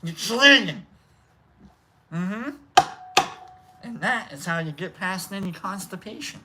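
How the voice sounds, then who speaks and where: A woman's voice: medium pitch, measured pace, heavy background noise. A woman hosting a casual livestream chat, swearing freely, rambling, and breaking into sung lines. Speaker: livestream host.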